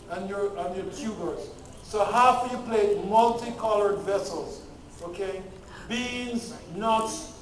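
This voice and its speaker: A man's voice: high-pitched, a little hiss or hum. A man giving a health lecture with a faith angle, emphatic, repeating key points and checking that the audience follows. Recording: echoey hall from far off.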